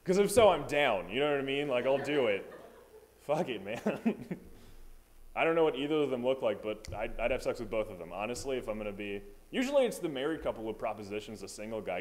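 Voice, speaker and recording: A man's voice: medium pitch, big pitch swings, a little fast. Rambling young man on an open mic. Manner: rambling, self-deprecating, lots of "you know what I mean". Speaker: stand-up comedian. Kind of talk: open mic stand-up set. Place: small open mic venue.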